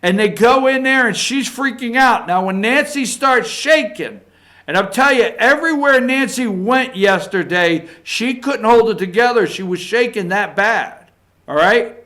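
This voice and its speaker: A man's voice: high-pitched, expressive, unhurried, sharp tone. A man giving a political opinion monologue as a show regular, emphatic and repetitive, tagging his points with "okay?". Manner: emphatic, repeats points, tags lines with "okay?". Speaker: political commentator.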